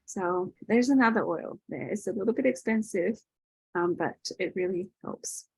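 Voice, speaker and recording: A woman's voice: mid-range voice, normal speed, vocal fry, a little mellow, husky, dry recording, poor audio. A woman leading an online workshop over a video call, teaching in a casual, chatty way with lots of fillers and tag questions. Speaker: workshop host.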